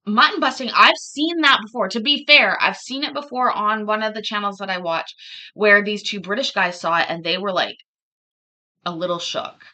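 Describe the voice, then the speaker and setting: A woman's voice: mid-range voice, moderate pace, bright, forceful tone. A woman hosting a livestream, chatting casually and rambling, often laughing between thoughts. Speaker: livestream host.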